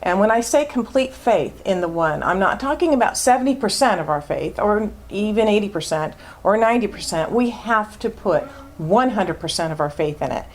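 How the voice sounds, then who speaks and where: A woman's voice: medium pitch, expressive, moderate pace, hardly any pauses. A woman minister giving a sermon, emphatic and fond of repeating words for stress.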